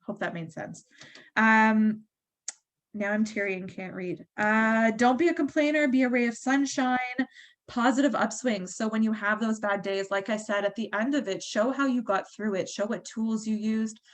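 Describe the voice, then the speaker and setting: A woman's voice: fairly high pitch, normal speed. Woman, 30s, team leader on a call; chatty, encouraging, lots of fillers.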